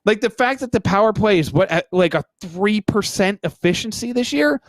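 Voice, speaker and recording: A man from New Jersey co-hosting a casual sports podcast, animated, often mimicking other voices and laughing as he talks. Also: high-pitched, moderate pace, dry recording. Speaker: podcast co-host.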